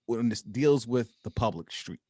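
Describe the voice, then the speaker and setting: A man's voice: animated, moderate pace, mellow, breathy edge, no echo, clean studio sound. A man co-hosting a casual podcast, emphatic and opinionated, his voice jumping up when he makes a point. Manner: emphatic, pitch jumps up to make a point. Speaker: podcast co-host.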